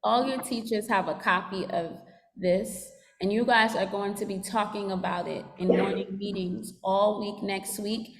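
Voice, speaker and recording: A woman's voice: medium pitch, steady tone, measured pace. Brief: woman social worker addressing students, teacherly, in a reverberant large room. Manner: teacherly, asks class to repeat and write. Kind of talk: school assembly talk to students.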